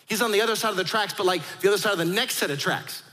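Animated high-voiced male pastor preaching. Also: rapid-fire, big-room sound. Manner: animated, acts out quoted voices. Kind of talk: sermon.

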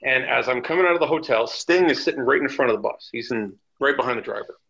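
A man, a former wrestler, telling chatty, animated anecdotes as a guest on a podcast interview. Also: medium pitch, fast talker, vocal fry, slightly rough, dull audio. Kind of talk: casual storytelling interview.

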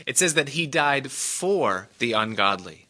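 A male preacher with a very bright, forceful tone delivers a relaxed, conversational sermon. He explains scripture point by point, tells stories and jokes, and chuckles often along the way. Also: mid-range voice, measured pace.

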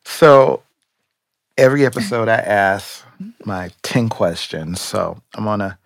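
A man co-hosting an interview, asking short measured questions. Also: lowish voice, animated, vocal fry, dry recording, clean studio sound. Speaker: co-host. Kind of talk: rapid-fire interview questions.

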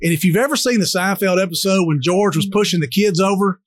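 A man's voice: high voice, fast talker, no room sound, studio quality. A man, a head coach telling sports stories in casual chat, laughing often. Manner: laughing, animated storyteller. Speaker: head coach and podcast guest.

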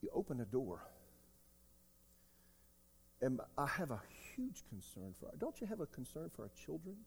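Emphatic older pastor in a reverberant hall. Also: male voice, medium pitch, wildly swooping pitch, normal speed, husky. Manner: emphatic, swings between loud outbursts and quiet asides. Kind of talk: sermon. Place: church sanctuary.

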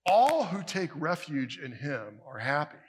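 A male pastor preaching a sermon emphatically, building to forceful peaks and dropping to hushed line endings. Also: on the high side, very animated, a little slow, slightly rough. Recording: long reverb of a large hall.

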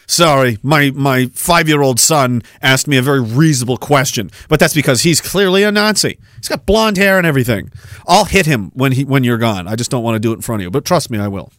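A man's voice: mid-range voice, expressive, fairly bright tone, dry recording. A man in his thirties hosting a podcast, ranting in a sarcastic, profane way. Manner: sarcastic, profane, fast-shifting rant. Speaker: podcast host.

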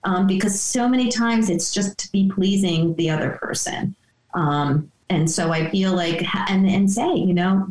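A woman's voice: medium pitch, unhurried, darkish tone, echoey room, low-quality recording. A woman therapist being interviewed, talking through ideas thoughtfully and now and then acting out young people's voices. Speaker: therapist guest. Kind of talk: conversational interview answers.

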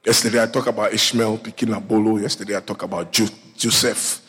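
A male pastor preaching a sermon, telling a Bible story with lively acted-out voices and calling out to his congregation. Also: lowish voice, fast talker, breathy edge. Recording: echoey hall reverb.

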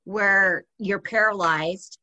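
Bright-voiced woman interviewer. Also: mid-range voice, slow pace, muffled recording. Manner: curious, eager questioning. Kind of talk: interview questions.

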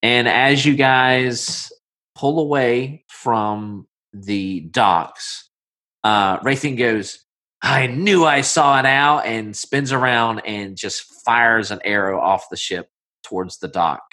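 A man running a tabletop game who describes scenes in a loose, rambling way full of fillers. His voice sits on the low side. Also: slow, sharp tone. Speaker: game master.

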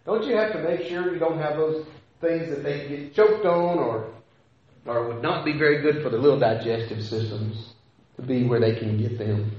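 A man's voice: fairly high pitch, normal speed. A man preaching a sermon, talking conversationally with rhetorical questions and frequent restarts. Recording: echoey hall, dull lo-fi sound.

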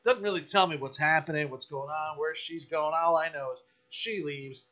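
A man guesting on a podcast, telling a story in a casual, animated, profane rant. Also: a little high, normal speed, lo-fi sound.

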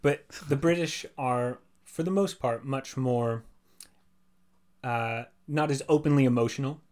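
A man who works as a voice actor, talking at length in a relaxed podcast chat, full of fillers like "like" and "you know". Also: mid-range voice, a little slow. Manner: chatty, explains at length with many fillers.

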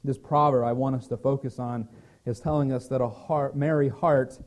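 Earnest mellow-voiced male pastor preaching. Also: medium pitch, steady tone, moderate pace. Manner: gentle, earnest preaching with occasional restarts. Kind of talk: sermon.

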